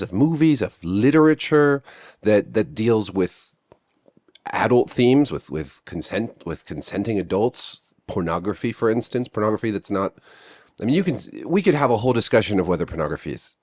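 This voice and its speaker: A man with a low voice gives an opinionated, sarcastic video commentary. He swears bluntly and swings his pitch up and down a lot. He is close to the mic.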